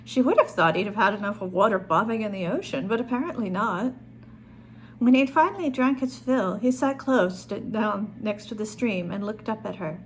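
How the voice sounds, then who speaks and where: A woman author reading her own short story aloud in a calm storytelling manner. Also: mid-range voice, normal speed, slight background noise.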